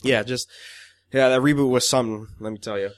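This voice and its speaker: A man's voice: medium pitch, steady tone, brisk, no echo, studio quality. A man co-hosting a podcast in loose casual chat, swearing often and laughing as he quotes people. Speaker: podcast co-host.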